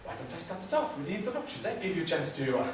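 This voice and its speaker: An actor playing the coaxing, patient leader of a self-help group. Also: male voice, fairly high pitch, very animated, very fast, distant mic. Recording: echoey room from afar, noisy.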